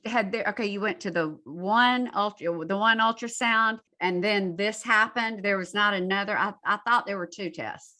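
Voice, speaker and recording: A woman's voice: mid-range voice, moderate pace, few pauses, bright, forceful tone. A woman hosting a podcast, guiding the conversation with clarifying questions. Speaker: podcast host. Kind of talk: podcast interview.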